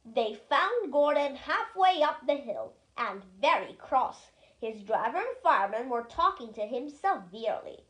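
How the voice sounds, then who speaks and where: A reader tells a storybook aloud with lively, expressive delivery. The voice is high and swings widely in pitch. The pace is slow and deliberate.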